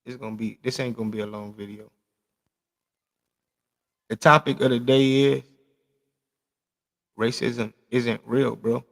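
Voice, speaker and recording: Gravelly Los man ranting casually. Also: mid-range voice, steady tone, unhurried, pauses often, fairly bright tone, big-room sound. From South Central Los Angeles. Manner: loose, profane, emphatic, repeats himself. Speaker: vlog host. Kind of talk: casual monologue to camera.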